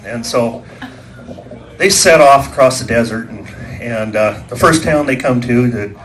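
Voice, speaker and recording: A stand-up comedian performs live at a small venue, telling rambling stories in which he repeats words and acts out quoted voices. His medium-pitched voice is fairly bright and unhurried.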